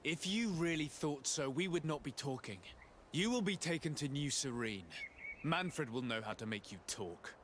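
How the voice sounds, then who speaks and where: A man's voice: a little high, expressive, moderate pace, natural voice. An actor playing a stern male officer in a video game, formal and firm, heard through game audio with hiss.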